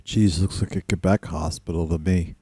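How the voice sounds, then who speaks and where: A man's voice: deep voice, fairly even intonation, moderate pace, dark tone, husky, dry recording, soft background music. A man from Saskatchewan streaming a game live, talking bluntly, swearing freely and chatting to his dog. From Saskatchewan, Canada. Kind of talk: casual live gameplay commentary.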